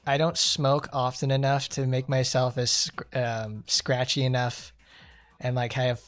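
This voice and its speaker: A man's voice: mid-range voice, level tone, measured pace, a bit bright, faint music behind. A man streaming a game, rambling casually and laughing often as he plays. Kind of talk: casual gameplay commentary.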